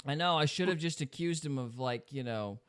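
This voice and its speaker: Upbeat joking guy hosting a podcast, bright voice, laughs a lot. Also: a little high, normal speed, clean tone. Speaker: podcast host. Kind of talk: casual podcast chat.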